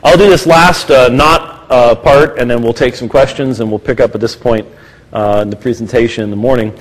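Animated man telling stories in a hall. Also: medium pitch, fairly quick. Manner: animated storytelling, acts out quotes. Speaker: speaker presenting to an audience. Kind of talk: lecture with anecdotes. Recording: echoey hall.

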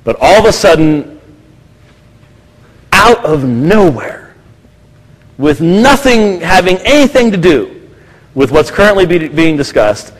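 A man speaking to an audience, telling anecdotes in a lively way and acting out what others said. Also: on the high side, slow pace, long pauses. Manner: animated storytelling, acts out quotes. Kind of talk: lecture with anecdotes. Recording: echoey hall.

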